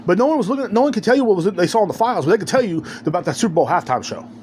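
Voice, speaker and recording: A man's voice: high-pitched, lively intonation, racing, a little mellow, slight background noise. A man hosting a podcast, ranting alone in a heated, rambling, profane way. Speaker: podcast host. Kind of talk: casual ranting monologue.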